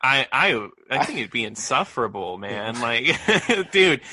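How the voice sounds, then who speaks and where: A man's voice: medium pitch, very animated, unhurried, bright, forceful tone, no room sound. A man co-hosting a movie podcast, chatting loosely with frequent laughs and lots of filler words. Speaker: podcast co-host. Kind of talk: casual movie review chat.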